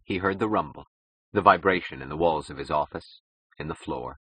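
Male audiobook narrator, very deep and husky, measured dramatic reading. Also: pushed and bright, no room sound, low-quality recording. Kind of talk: scripted narration.

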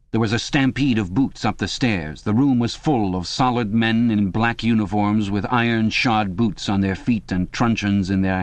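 Male narrator, lowish voice, measured dramatic reading, dry studio sound. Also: dry recording. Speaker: audiobook narrator. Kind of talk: scripted narration.

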